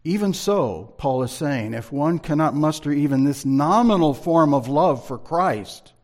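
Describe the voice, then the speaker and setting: Measured, emphatic male Bible teacher. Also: on the high side, lively intonation, a little mellow. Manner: measured, emphatic, reads scripture aloud. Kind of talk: sermon-style Bible teaching.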